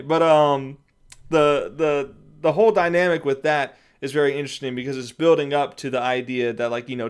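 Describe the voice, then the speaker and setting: A man's voice: medium pitch, smooth. A man giving a casual spoken review, rambling and thinking aloud with lots of fillers and frequent chuckles. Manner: chuckles often while talking. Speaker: comic book reviewer.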